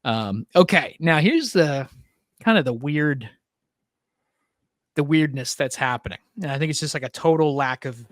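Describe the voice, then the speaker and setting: A man's voice: on the high side, expressive, moderate pace, long pauses, no room sound. Man, podcast host, wry filler-heavy chat, dry close mic. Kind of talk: casual political chat.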